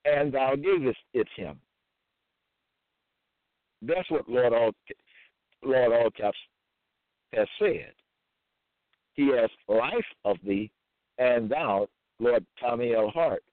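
Man, preacher, reads scripture slowly and formally; tinny, dry, phone-like sound. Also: mid-range voice, expressive, no room sound. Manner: slow, deliberate, formal scriptural cadence. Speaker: self-styled religious preacher. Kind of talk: reading scripture verses aloud.

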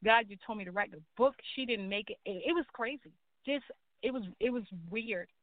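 A woman's voice: fairly high pitch, brisk, no room sound. Woman telling her story over a tinny line. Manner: earnest storytelling, acts out quoted dialogue. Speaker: guest. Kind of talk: personal testimony in a talk show. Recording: tinny phone-like line, dry.

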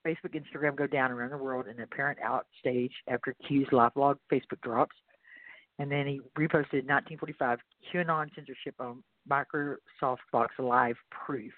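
A man with a Texan accent hosting a radio show, reading posts aloud in a rambling, halting way. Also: medium pitch, fairly even intonation, dry recording. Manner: rambling, halting with many fillers. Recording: tinny phone-like line, dry.

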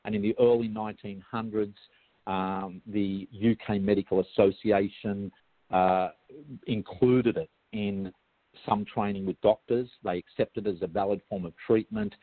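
A man's voice: on the low side, moderate pace, dry recording. Chatty Australian man on a tinny line. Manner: chatty, digressive, self-interrupting. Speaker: guest hypnotherapist. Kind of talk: casual explanatory interview talk. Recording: tinny phone-like line, dry.

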